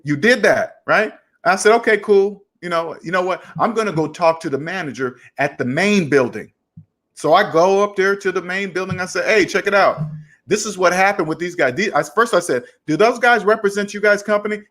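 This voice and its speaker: Finance channel host, man, pitched high, tells a story in a lively way, voicing both sides of the dialogue. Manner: animated, retells arguments with quoted dialogue. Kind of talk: casual storytelling to camera.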